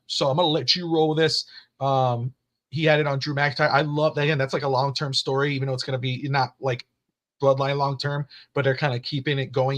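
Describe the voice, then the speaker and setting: Male podcast co-host, mid-pitch, loose rambling delivery with lots of fillers. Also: fairly bright tone. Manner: rambling, with many fillers and voiced quotes of family. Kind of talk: casual wrestling podcast chat.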